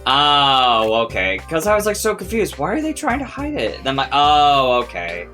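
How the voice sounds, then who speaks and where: Animated young man swearing through a reaction. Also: a little high, moderate pace. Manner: animated, swears often, laughs a lot. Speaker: reaction video host. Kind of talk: casual reaction commentary. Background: episode audio with music.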